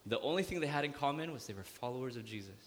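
A man preaching a sermon as pastor, lively, joking and acting out little scenes as he speaks. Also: mid-range voice, very fast, a little hiss or hum. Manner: lively preaching with jokes and acted-out asides. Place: church hall. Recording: long hall reverb.

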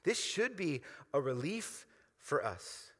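A man's voice: on the high side, sing-song, takes it slowly, long reverb tail. A man preaching a sermon as pastor, emphatic and repetitive, leading the congregation in call-and-response.

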